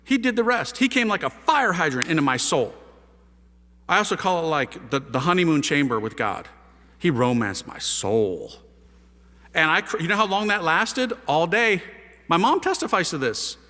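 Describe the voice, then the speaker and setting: A priest telling his conversion story to an audience, a lively storyteller using casual slang and rhetorical questions. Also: on the high side, moderate pace. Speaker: priest giving a conversion testimony. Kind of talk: animated testimony talk to an audience. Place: large hall with a live audience. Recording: reverberant hall.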